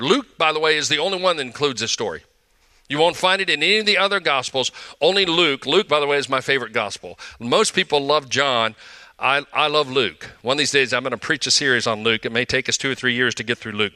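A man's voice: mid-range voice, fast talker, sharp tone, no room sound. An older man pastor giving a conversational sermon, with frequent asides and restarts.

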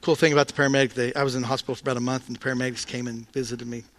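A man telling a personal testimony, animated and acting out the dialogue in voices. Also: medium pitch, very fast. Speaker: speaker sharing a testimony.

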